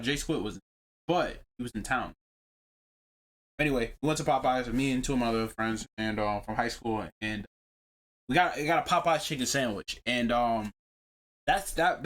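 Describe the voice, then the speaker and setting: A man's voice: mid-range voice, a bit bright. A man co-hosting a podcast, telling a story in a casual chat, slangy and profane. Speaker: podcast co-host.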